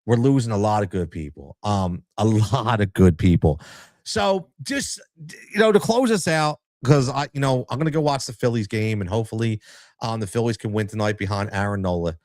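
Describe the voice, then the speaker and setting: A man's voice: lowish voice, moderate pace, a little mellow, no room sound, clean studio sound. A man hosting a podcast, telling a story in a casual, emotional way and often tossing in "man" and "right?". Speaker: podcast host.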